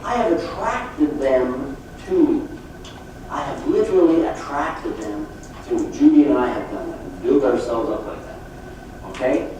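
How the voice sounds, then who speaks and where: A middle-aged man giving a motivational sales talk at a conference, telling folksy, animated stories. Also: medium pitch, normal speed. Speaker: sales trainer speaking at a conference. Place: conference hall. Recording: echoey hall from far off with faint noise.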